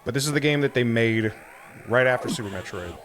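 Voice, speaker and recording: A man's voice: mid-range voice, a little fast, a bit bright, a little hiss or hum. Man explaining a game casually. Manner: explains game history and mechanics. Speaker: let's play co-host. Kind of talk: casual gaming commentary. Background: game music.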